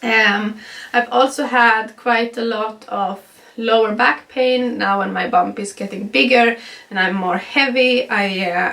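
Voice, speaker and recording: A woman's voice: medium pitch, gravelly, sharp tone, distant mic. A young Swedish woman, not a native English speaker, with a stuffy nasal voice, chatting through a casual pregnancy update vlog with frequent ums and little laughs. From Sweden. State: stuffy nose. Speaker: vlogger.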